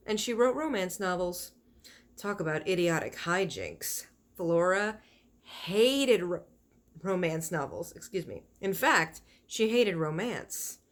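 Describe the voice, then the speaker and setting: A woman reading a children's novel aloud, stopping for chatty asides that explain the pictures and fonts. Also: mid-range voice. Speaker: reader of a children's book.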